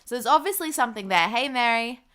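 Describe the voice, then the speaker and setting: A young woman with an Australian accent hosts a casual livestream. Her voice is bright and forward, and she chats easily as she greets viewers by name. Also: a little high, expressive, quick pace. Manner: chatty, reads viewer comments aloud. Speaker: livestream host.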